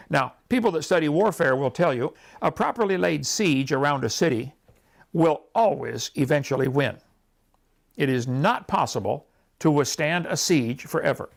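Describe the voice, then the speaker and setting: A man preaching a sermon, telling stories and acting out prayers in an animated way. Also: on the high side, moderate pace, creaky. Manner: animated storytelling, acts out prayers and quotes.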